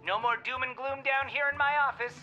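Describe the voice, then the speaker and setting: A woman voicing a brisk, deadpan female boss in a video game. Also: high-pitched, highs cut off, soft background music, lightly acted. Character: brusque female boss, gloomy humor.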